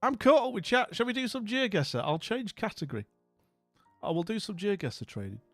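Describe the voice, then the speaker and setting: A man's voice: high voice, expressive, a little fast, dry recording, faint music behind. A middle-aged man with a Scottish accent hosting a livestream, chatting casually, telling a story and reading chat aloud. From Scotland. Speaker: livestream host.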